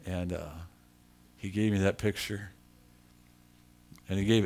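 An older man preaching a sermon, telling a personal story in an animated, emotional, self-deprecating way. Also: sits low, slow, gravelly, slight background noise.

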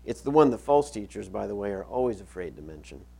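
A man's voice: lowish voice, sing-song, quick pace, vocal fry, warm tone, slightly rough. A middle-aged male pastor preaching a sermon, reading scripture aloud and repeating key phrases for emphasis.

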